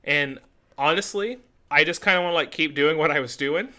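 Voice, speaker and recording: A young adult man co-hosts a podcast, chatting casually and acting out characters' lines while retelling a story. His voice is a little high and sharp, and he talks a little fast.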